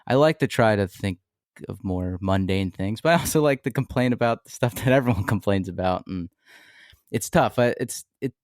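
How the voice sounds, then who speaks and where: A man, a musician guest on a casual podcast, speaking in a self-deprecating way with frequent laughs and halting restarts. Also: on the low side, darkish tone, dry recording, clean studio sound. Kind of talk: casual interview chat.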